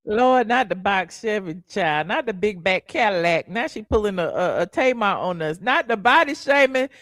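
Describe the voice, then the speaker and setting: A woman hosting a live show, giving lively, teasing commentary on a guest's story. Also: medium pitch, normal speed, no room sound. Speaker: host.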